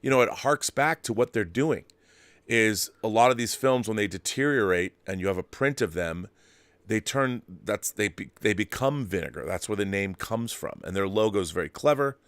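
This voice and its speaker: A man's voice: on the low side, animated, moderate pace, a bit bright, dry recording. A man hosting a live stream, chatty and joking as he reads out viewer messages. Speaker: host. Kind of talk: casual live-stream chat.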